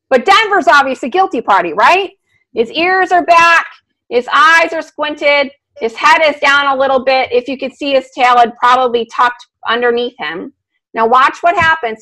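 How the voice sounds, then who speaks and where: Woman dog trainer, high and bright, lively online teacher. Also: low-quality recording. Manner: animated, talks through a video, asks the class questions. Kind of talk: live online lesson talking over video. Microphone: video call.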